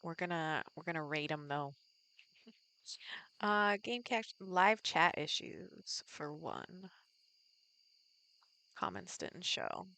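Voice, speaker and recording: A woman's voice: lowish voice, very animated, takes it slowly, gravelly, long pauses, bright, forceful tone. A woman live streamer chatting casually with viewers while playing a farming game, thinking aloud and greeting people in the chat.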